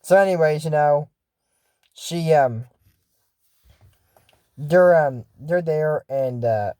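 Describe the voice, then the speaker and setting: A man's voice: fairly high pitch, takes it slowly, mellow, dry recording. A man giving a casual, jokey recap of a cartoon episode, rambling through asides and retellings.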